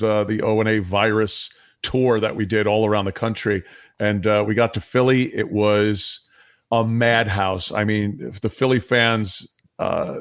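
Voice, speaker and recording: Male podcast guest on a remote mic, gravelly, rambling storyteller, dry sound. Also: lowish voice, fairly bright tone, no echo. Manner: loose anecdotal storytelling with many fillers. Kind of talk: casual podcast chat. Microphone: remote call-in mic.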